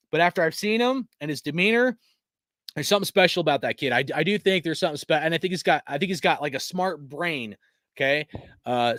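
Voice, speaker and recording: Heated, profane man, high voice. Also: a bit bright, no room sound, studio quality. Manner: profane, heated, rambling with restarts. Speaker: sports fan channel host. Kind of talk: casual ranting commentary.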